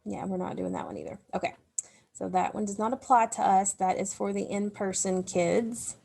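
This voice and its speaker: A woman's voice: medium pitch, sing-song, normal speed, creaky, mellow, breathy edge. A woman teacher giving a recorded grammar lesson to young children, explaining step by step in a patient way. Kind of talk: recorded remote phonics lesson.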